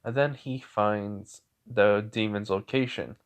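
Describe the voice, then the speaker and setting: A man's voice: lowish voice, steady tone, slow. A young man improvising a fan story, rambling with many fillers and self-corrections.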